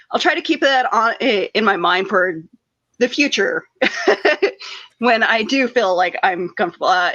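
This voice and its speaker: A woman's voice: medium pitch, a bit bright. Woman co-host, hesitant casual talker, dull remote audio. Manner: hesitant, lots of ums and restarts. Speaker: podcast co-host. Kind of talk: casual chat.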